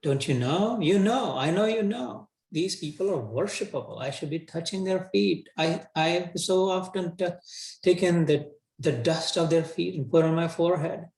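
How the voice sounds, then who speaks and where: A man's voice: fairly high pitch, normal speed, creaky, darkish tone, voice pushed up. Man voicing a pleading warrior prince. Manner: incredulous, pleading, colloquial. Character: anguished young warrior prince pleading with his mentor. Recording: roomy echo.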